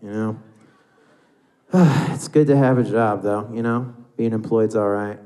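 A man's voice: fairly low pitch, unhurried, warm tone. An American man performing a stand-up comedy set on a live club stage, rambling loosely and acting out voices.

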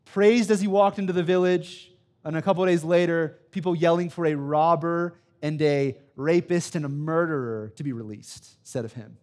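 A man's voice: on the high side, steady tone, normal speed, a little mellow. A man in his thirties, a student pastor preaching a sermon with emphatic, repetitive phrasing, often checking in with "right?" and telling personal stories. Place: church sanctuary.

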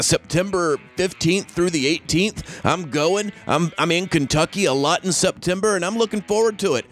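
A man's voice: on the high side, a little hiss or hum. Folksy, enthusiastic male podcast host. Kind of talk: casual interview chat.

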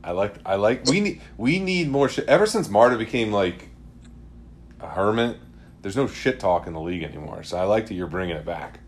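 Low-pitched male co-host, teasing and topic-steering, faint room ambience. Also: lively intonation, a little fast, a little hiss or hum. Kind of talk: casual banter about fantasy sports.

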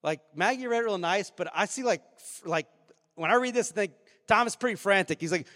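A man preaching a sermon as pastor, animated, swinging from loud outbursts to quiet reflection. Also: high voice, fairly quick, long reverb tail. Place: church sanctuary.

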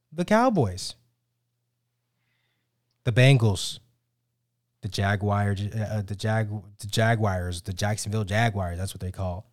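A man's voice: medium pitch, dry recording, clean studio sound. A man co-hosting a sports podcast, ranting about football with lots of restarts and tangents. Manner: animated, ranting, many restarts. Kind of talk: casual sports banter.

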